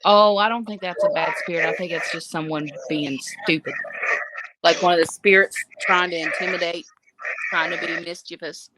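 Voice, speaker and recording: A woman's voice: fairly low pitch, steady tone, normal speed, very noisy. A woman guesting as a psychic medium on a livestream, joking and laughing easily. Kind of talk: casual livestream chat.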